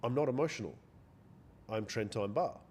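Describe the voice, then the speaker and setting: A man's voice: mid-range voice, normal speed, a little mellow, slight background noise. A man hosting a live trading stream, chatting casually, repeating phrases and answering viewers by name. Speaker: day trading livestream host.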